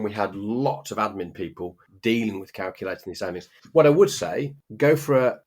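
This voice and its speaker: A man co-hosts a casual podcast, with a husky, slightly low voice. He cracks wry jokes and spins long anecdotes at his own pace. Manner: wry, jokey asides and long storytelling riffs. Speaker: podcast co-host. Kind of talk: casual chat.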